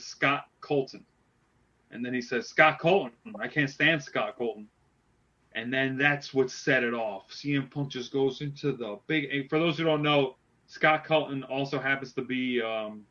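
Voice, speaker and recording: A man's voice: mid-range voice, sharp tone, lo-fi sound. A man hosting a casual wrestling podcast, retelling a story animatedly with lots of restarts. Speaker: podcast host.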